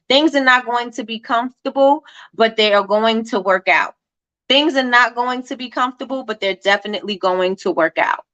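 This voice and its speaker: A woman host in a casual live chat, animated and motivational, talking straight to her viewers. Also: medium pitch, no room sound, dull audio.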